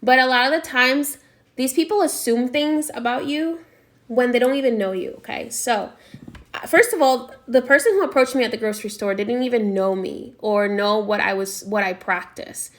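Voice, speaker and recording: Woman, spiritual teacher, casual story monologue, higher pitch, chatty with frequent check-ins. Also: normal speed.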